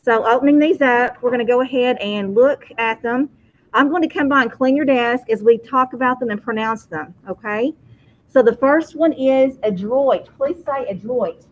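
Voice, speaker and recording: A woman teaching a high school vocabulary lesson in a classroom, having students repeat each word. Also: normal speed, muffled recording. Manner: drills pronunciation, asks class to repeat words.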